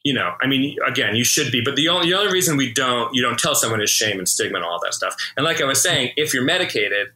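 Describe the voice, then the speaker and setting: A man comedian hosting a podcast, talking openly in a halting way with many restarts. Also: medium pitch, animated, sharp tone, low-quality recording. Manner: halting, full of restarts and fillers. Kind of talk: casual podcast chat.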